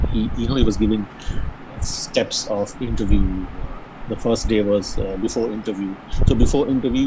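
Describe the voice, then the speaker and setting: Man, lowish voice, career guidance speaker, pauses and fillers, air conditioning hum and traffic behind. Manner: measured, hesitant with frequent fillers. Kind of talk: online career guidance talk.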